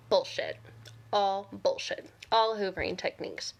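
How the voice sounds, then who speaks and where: A woman's voice: mid-range voice, expressive, normal speed, a bit bright. A woman vlogger talking casually to camera, candid and sarcastic, often laughing.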